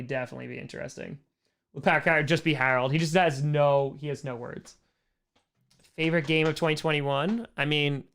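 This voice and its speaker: A man's voice: on the high side, fairly bright tone, smooth. A man hosting a casual livestream Q&A, reading out viewer questions and answering in a chatty way that repeats phrases.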